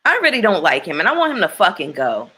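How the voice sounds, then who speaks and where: A woman's voice: fairly low pitch, huge pitch swings, fast talker, bright, forceful tone, breathy edge. A woman hosting a casual chat with her viewers, blunt and opinionated, swearing freely as she reacts to a reality show.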